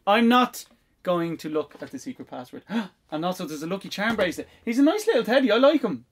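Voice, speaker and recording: A man's voice: high-pitched, very animated, fairly quick. A man hosting a jokey comedy puppet show, upbeat and playful. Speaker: host.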